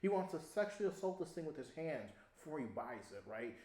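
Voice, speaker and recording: A young man casually telling a long story on a podcast, animated, laughing often and swearing freely. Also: on the high side, fast talker. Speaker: podcast co-host. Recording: echoey room.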